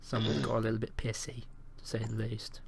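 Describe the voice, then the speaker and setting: A man's voice: fairly low pitch, little pitch movement, a little fast, gravelly, a little mellow, a little hiss or hum. A man hosting a casual podcast chat, opinionated and emphatic as he talks. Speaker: podcast host.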